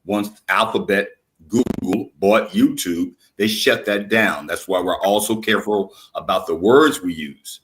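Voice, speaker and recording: Man, slow and slurred from drinking, rambling debate talk, lowish voice. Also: fairly bright tone. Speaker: guest on live stream. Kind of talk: casual live-stream debate.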